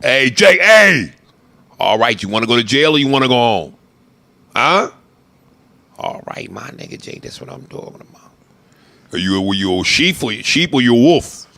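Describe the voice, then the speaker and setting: A man's voice: mid-range voice, big pitch swings, normal speed, pushed and bright, no room sound. A man impersonating a menacing, swaggering corrupt detective who taunts his rookie partner in a film scene. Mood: taunting. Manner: taunting, swaggering street talk.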